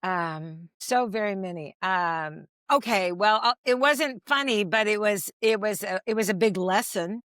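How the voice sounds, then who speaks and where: A woman's voice: medium pitch, unhurried, few pauses, a bit bright, no echo. A woman in her sixties, a stand-up comedian, telling stories as an interview guest, rambling with many restarts and fillers. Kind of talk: casual anecdotal storytelling.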